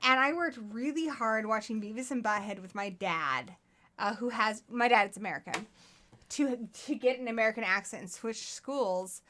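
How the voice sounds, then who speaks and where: A woman who grew up in England, co-hosting a casual live movie review and telling rambling, animated personal stories while a little tipsy. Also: a little high, moderate pace. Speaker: co-host of a horror movie review show. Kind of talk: casual chat on a live stream.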